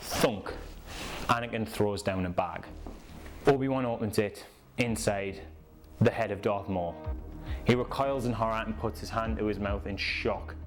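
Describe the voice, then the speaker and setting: A man narrating a story in a casual, animated way and acting out the scenes. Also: lowish voice, moderate pace, soft background music. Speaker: YouTube creator.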